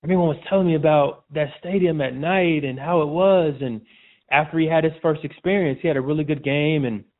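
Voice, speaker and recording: Here a man with a slightly high voice chats briskly as a podcast guest, sounding tinny like a phone call. It's a relaxed interview where he restarts sentences, repeats himself, and keeps calling the host "man".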